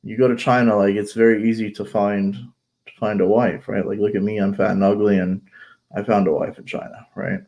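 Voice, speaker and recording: Congested by allergies, an American vlogger chats casually, blunt and rambling, full of fillers and false starts. His voice runs lowish and mellow, brisk in pace with little movement in pitch.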